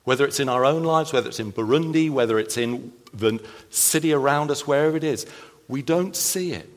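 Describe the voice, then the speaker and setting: A male pastor preaching a sermon with animated, emphatic delivery and playful asides. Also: medium pitch, brisk. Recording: long reverb of a large hall.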